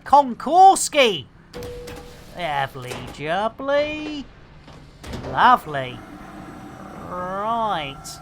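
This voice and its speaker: Middle-aged British woman game streamer, unhurried, cheeky banter, faint hum behind. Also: on the low side. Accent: British English. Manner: jokey, slangy banter with chat. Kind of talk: casual live commentary while playing.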